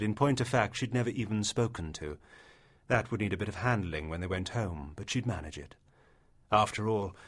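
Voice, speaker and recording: A man narrating a literary short story as an audiobook, in a measured storytelling manner. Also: lowish voice.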